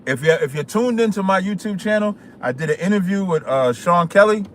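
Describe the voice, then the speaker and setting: A man talks straight to his viewers in easygoing slang. His voice sits high and moves around a lot, and faint background noise runs under it. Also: brisk. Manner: relaxed, slangy and direct. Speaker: channel host. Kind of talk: casual vlog talk to viewers.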